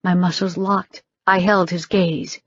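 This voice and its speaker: A woman narrating a first-person fiction audiobook with wry, brisk storytelling. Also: fairly low pitch, level tone, a bit bright, no room sound. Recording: slightly dull, dry recording.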